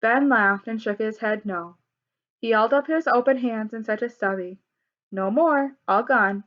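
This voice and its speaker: A woman reading a children's story aloud in a clear, expressive way. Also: a little high, moderate pace. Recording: dull lo-fi recording.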